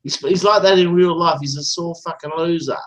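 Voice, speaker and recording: A man's voice: a little high, brisk. A man hosting a live chat stream, ranting in a rambling, profane, repetitive way. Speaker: livestream host. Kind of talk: ranting casual talk. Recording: roomy echo.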